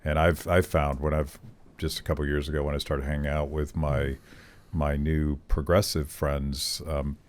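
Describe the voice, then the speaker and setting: A man hosting a podcast interview, talking casually and haltingly with many fillers and repeated words. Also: rumbling low, level tone. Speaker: podcast host. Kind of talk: conversational interview.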